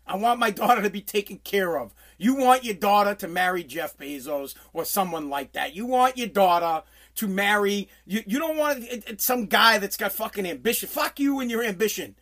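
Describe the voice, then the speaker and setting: Brief: forties New guy, radio regular, blunt profane rant, swings loud. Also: high voice, expressive, moderate pace. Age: 40s. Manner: profane, blunt, loud bursts when riled. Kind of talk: casual rant.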